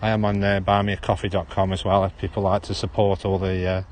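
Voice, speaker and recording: Man, Stoke-on-Trent accent, low-ish voice, loose rambling walk-and-talk livestream, phone mic outdoors. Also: flat delivery, fast, darkish tone, a little hiss or hum. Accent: Stoke-on-Trent (Potteries). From Stoke-on-Trent, England. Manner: rambling, chatty, drops H's. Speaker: livestream host. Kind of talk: casual walking livestream. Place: outdoor town park. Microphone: handheld phone.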